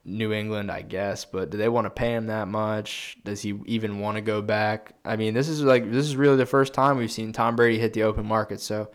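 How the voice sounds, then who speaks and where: A man's voice: on the low side, steady tone, brisk, hardly any pauses. Profane, rambling young sports podcaster man. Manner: profane, rambling, thinks aloud. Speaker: podcast co-host. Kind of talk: casual sports chat.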